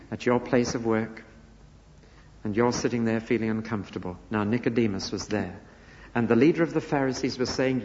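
A man's voice: medium pitch, a little mellow. A man preaching an expository sermon emphatically, with rhetorical questions and dramatic rises and drops in his voice. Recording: echoey hall, dull lo-fi sound.

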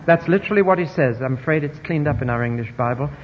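A man preaching a sermon, emphatic and wry, dropping quiet then rising loud, in a dull, echoey hall recording. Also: mid-range voice, fast, background noise.

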